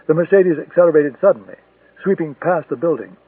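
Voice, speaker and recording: A man narrating a thriller audiobook in a steady, measured storytelling manner. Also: on the high side, slightly rough, no room sound. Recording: tinny, distant, dry lo-fi recording.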